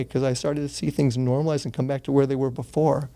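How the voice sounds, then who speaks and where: A man's voice: medium pitch, fairly even intonation, quick pace, few pauses, warm tone. A man in his sixties, a guest in an interview, telling a personal story in an earnest, casual way that sometimes turns emotional. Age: 60s. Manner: earnest, gets choked up, swears casually.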